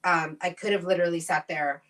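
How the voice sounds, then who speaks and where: A woman's voice: fairly low pitch, a little fast, distant mic. A woman co-hosting a podcast, chatting casually and telling stories with acted-out quotes and frequent swearing. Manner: animated storytelling, acts out quoted voices, swears freely. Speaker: podcast co-host. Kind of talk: casual chat.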